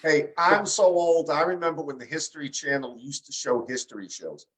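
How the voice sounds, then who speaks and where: A man hosting a casual podcast chat, sharing stories in an animated, thoughtful way. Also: on the high side, normal speed, low-quality recording. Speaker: podcast host.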